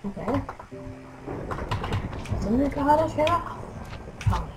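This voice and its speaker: A young woman commentating her own gameplay, frustrated and trash-talking, with excitable outbursts. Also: high voice, takes it slowly, pauses often, faint music behind, low-quality recording. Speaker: gaming commentator.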